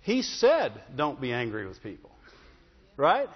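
Conversational pastor in a reverberant church. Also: male voice, mid-range voice, huge pitch swings, a little slow, breathy edge. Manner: conversational, repeats "Amen?" and "Right?". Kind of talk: sermon. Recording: dull, with long hall reverb.

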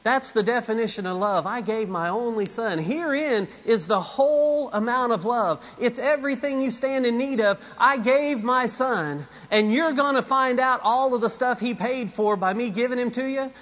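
A man's voice: very high voice, normal speed, few pauses, fairly bright tone, lo-fi sound. A man preaching a sermon, emphatic and repetitive, with asides to the congregation. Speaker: pastor.

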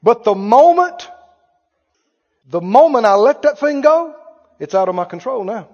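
High-voiced preacher in a ringing hall. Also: male voice, big pitch swings, unhurried, darkish tone. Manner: conversational preaching, quizzes the congregation. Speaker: pastor. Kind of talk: sermon. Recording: muffled, reverberant hall.

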